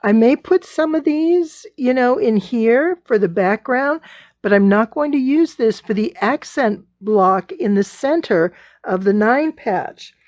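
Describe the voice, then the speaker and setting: A woman's voice: a little high, animated, measured pace, a little mellow, no room sound, highs cut off. A woman teaching quilting in a casual tutorial, chatting and thinking aloud as she sorts fabric.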